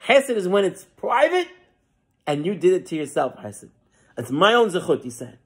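A man's voice: moderate pace, slightly rough. A man giving a sermon as a rabbi, telling stories and acting out the quoted lines. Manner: storytelling with lively acted quotes and frequent rises in pitch.

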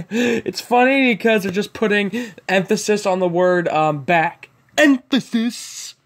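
A man's voice: sits high, unhurried. A man hosting a casual reaction video, chatty and easily amused, laughing often between remarks.

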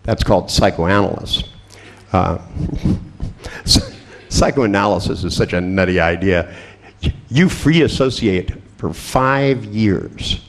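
Irreverent, lively-voiced male workshop trainer. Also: medium pitch. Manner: irreverent, profane, joking; animated, coaching with quick instructions. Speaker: seminar trainer. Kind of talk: live workshop demonstration with a volunteer.

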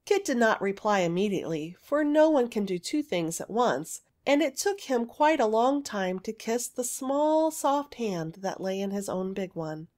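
Expressive woman reading a fairy tale. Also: medium pitch, normal speed, few pauses. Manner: expressive, gentle storytelling. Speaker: storyteller.

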